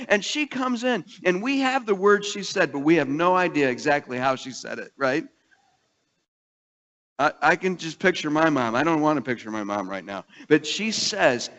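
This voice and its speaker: A man's voice: on the high side, a bit bright, big-room sound, muffled recording. A middle-aged man preaching a sermon in a conversational storytelling way, acting out the people in his stories. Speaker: pastor.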